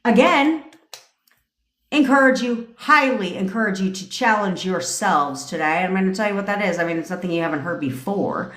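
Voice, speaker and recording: A woman's voice: mid-range voice, normal speed. A woman manifestation coach on a livestream, talking bluntly and with a lot of profanity. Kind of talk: livestream pep talk. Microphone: phone. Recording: echoey room.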